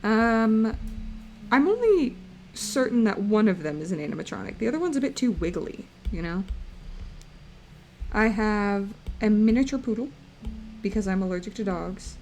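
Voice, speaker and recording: A woman's voice: mid-range voice, animated, normal speed, pauses often, a little mellow, faint music behind. A young woman streaming live, chatting playfully and rambling to her viewers while she draws. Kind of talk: casual live-stream chat while drawing.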